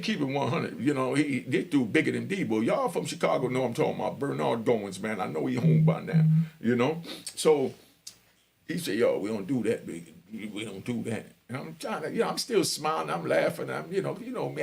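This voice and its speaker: A middle-aged man with a New York accent, telling his own prison stories in a rambling, animated, casual monologue. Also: fairly high pitch, creaky. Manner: animated, rambling, full of "you know what I mean".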